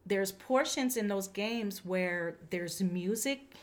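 A woman's voice: medium pitch, takes it slowly. An older woman co-hosting a Christian podcast, telling a family story in a casual way and acting out the quoted voices. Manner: animated, acts out quoted dialogue. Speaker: podcast co-host.

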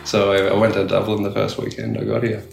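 Speaking fast with vocal fry, a middle-aged Australian tattoo artist chats loosely in an interview, wandering off with plenty of "you know"s and restarted thoughts. His pitch sits low and barely moves, and the room echoes.

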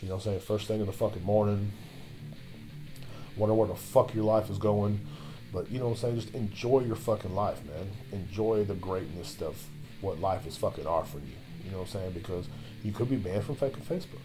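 A man with a lowish voice holds forth on his solo podcast, cursing in nearly every sentence and drifting from point to point between sips of beer. Soft guitar music plays faintly under him. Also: fairly quick. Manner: loose, swearing constantly, drinking beer while talking. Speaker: podcast host. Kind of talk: profane solo podcast rant.

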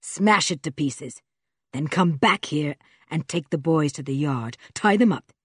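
Casting: woman reading as a cruel mad bearded villain, snarling and bossy, low husky voice, storybook. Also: expressive, a little slow, dry recording, clean studio sound, full character voice. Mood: commanding. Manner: snarling, commanding.

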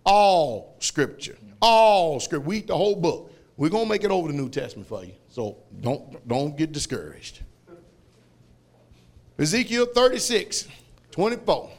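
Brief: high-pitched male preacher, animated sermon delivery, frequent shouting. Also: normal speed. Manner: loud, shouting, laughing, animated storytelling. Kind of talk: fiery sermon.

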